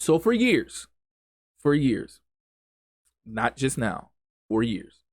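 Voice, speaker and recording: A man's voice: medium pitch, very animated, extremely slow, no echo, studio quality. A man hosting a solo podcast, speaking in an impassioned, emphatic way with lots of repetition and casual grammar. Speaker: podcast host.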